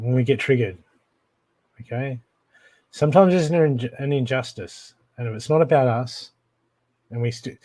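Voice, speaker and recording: A man's voice: mid-range voice, a little mellow. A man with an Australian accent, giving direct intuitive readings on a live stream and often checking in with the viewer. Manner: direct, keeps checking in with "okay?". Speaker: intuitive reader.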